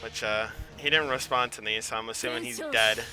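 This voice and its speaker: A man's voice: medium pitch, fairly even intonation, fairly quick. Rambling young man chatting on stream. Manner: rambling, loose and chatty with frequent swearing. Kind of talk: casual gaming stream chat. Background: game music playing.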